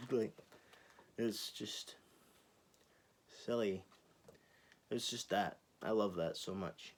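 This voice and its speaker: A young man in his twenties with a lowish voice rants to camera in a casual, exasperated monologue. He is sarcastic and swears freely. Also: steady tone, normal speed. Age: 20s. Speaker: channel host.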